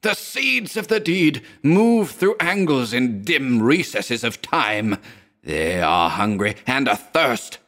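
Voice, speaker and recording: A man reading aloud puts on a man unhinged by what he has seen, his voice breaking into shrieks and sinking into hoarse, moaning whispers. He is frantic and haunted, caught in a storybook tale of cosmic horror. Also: deep voice, lively intonation, measured pace, fairly bright tone. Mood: hysterical. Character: terrified drug-haunted man, raving of hounds.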